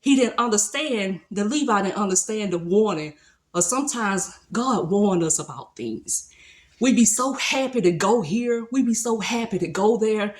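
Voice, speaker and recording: A woman's voice: mid-range voice, lively intonation, moderate pace. A woman giving a casual devotional talk, retelling a Bible story in a colloquial, conversational way. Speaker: speaker sharing a devotional.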